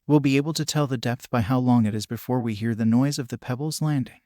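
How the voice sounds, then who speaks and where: A man narrating scripted jokes in a measured, matter-of-fact way. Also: medium pitch, mellow, dry recording, studio quality. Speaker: joke narrator.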